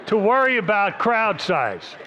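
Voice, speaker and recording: A man in his seventies speaks in a notably high voice as he lectures on history. He rambles and pokes fun at himself. He talks to a big audience in a library hall from a lectern mic. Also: sing-song, unhurried, highs cut off, background noise. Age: 70s. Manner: self-deprecating, rambling, joking. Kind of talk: public lecture with jokes. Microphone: stationary mic at a lectern.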